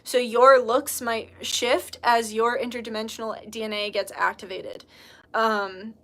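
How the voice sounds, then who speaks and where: A woman talking in a casual, rambling livestream chat as a spiritual channeler, full of fillers and excited exclamations. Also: on the high side, unhurried.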